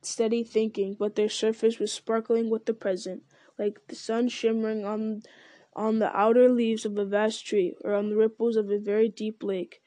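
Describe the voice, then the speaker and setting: A woman reading a novel aloud in a steady, unhurried storytelling manner. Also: a little high, dry recording. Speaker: reader.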